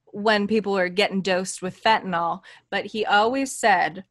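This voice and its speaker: A woman's voice: medium pitch, steady tone, moderate pace, a bit bright. A woman hosting a podcast in casual chat, telling anecdotes with emphatic asides and laughter. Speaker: podcast host.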